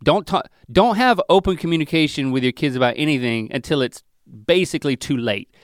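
A man's voice: fairly quick, no room sound, studio quality. A middle-aged man co-hosting a casual comedy chat, telling rambling, self-mocking stories about his kids. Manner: rambling, self-mocking storytelling with lively pitch swings. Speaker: podcast co-host.

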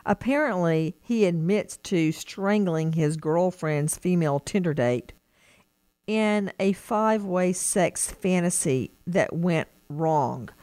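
Female host, true-crime TV, low-ish, dry close mic, emphatic and incredulous. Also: takes it slowly, a little mellow, no room sound. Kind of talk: true-crime TV talk commentary.

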